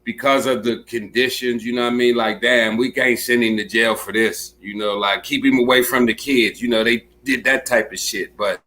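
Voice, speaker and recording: A man's voice: mid-range voice, fairly even intonation, normal speed, few pauses, sharp tone, low-quality recording. Casual man stammering through his point. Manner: casual talk with stammering repeats. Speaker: panelist. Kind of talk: casual panel discussion.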